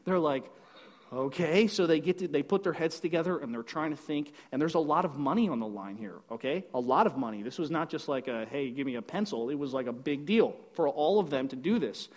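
A man retelling a Bible story in a casual, animated way, acting out the characters and tossing in joking asides. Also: on the high side, fairly quick, hardly any pauses. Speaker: Bible teacher.

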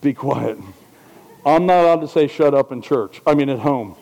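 A man preaching a sermon as pastor, conversational and joking, swinging between loud emphasis and hushed asides. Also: mid-range voice, normal speed, gravelly, rough recording.

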